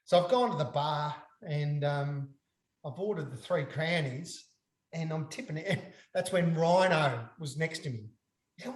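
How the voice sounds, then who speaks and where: A man telling a lively anecdote in casual chat, laughing as he goes and acting out what people said. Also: on the high side, measured pace, reverberant. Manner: animated storyteller, laughing, acting out quotes. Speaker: guest. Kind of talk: casual storytelling.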